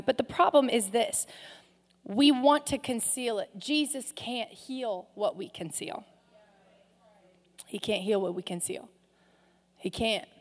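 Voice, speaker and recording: A woman pastor preaching a sermon, passionate, swinging from loud rises to soft, hushed drops. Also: medium pitch. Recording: long hall reverb.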